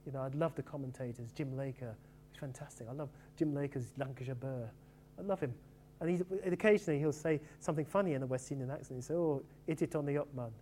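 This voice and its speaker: A middle-aged man who grew up in England, telling stories about his sporting heroes in a lively, casual way. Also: mid-range voice, slight background noise. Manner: animated, quick storytelling with fond asides. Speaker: author reflecting on cricket. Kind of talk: casual reminiscing talk.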